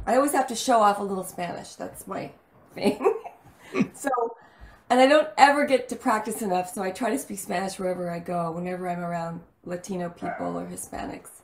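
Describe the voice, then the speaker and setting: A woman from El Paso telling stories about her childhood in a casual interview, chatty and animated. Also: on the low side, fairly quick, creaky, echoey room, noisy background. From El Paso, Texas. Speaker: actress guest.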